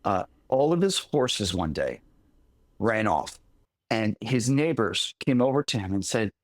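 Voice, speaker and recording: A man's voice: on the low side, sing-song, measured pace, no room sound. A man co-hosting a podcast in casual chat, telling a story in a rambling way with restarts. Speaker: podcast co-host.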